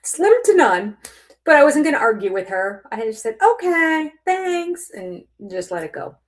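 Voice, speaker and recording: An older woman vlogging, chatty and animated, acting out both sides of phone calls with laughs and dropping to a near-whisper at times. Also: medium pitch, moderate pace. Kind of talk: casual storytelling vlog.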